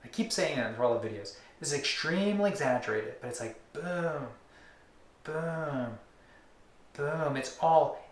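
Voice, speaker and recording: A man's voice: medium pitch, big pitch swings, echoey room. A man teaching acupuncture technique in an instructional demonstration, stretching out repeated words and dropping to near-whispers. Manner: rhythmic, drawn-out emphasis, drops to near-whispers on repeated words.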